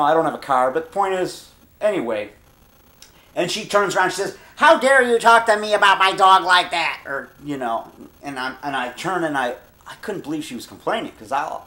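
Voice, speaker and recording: A man's voice: a little high, a bit bright. Rambling Chicago man in his fifties. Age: 50s. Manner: digressive, repeats himself, trails off. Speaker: vlogger. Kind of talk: rambling personal story.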